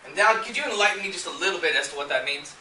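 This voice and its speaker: A man's voice: high-pitched, expressive, racing, pushed and bright, slight background noise. A man presenting a sales seminar who gets fired up and keeps quizzing his live audience. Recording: echoey room, mic at a distance.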